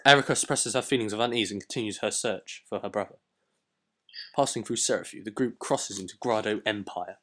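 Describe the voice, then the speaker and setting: A man hosting a let's play, reading the game's cutscene text aloud in a plain, steady way. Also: fairly low pitch, a little fast.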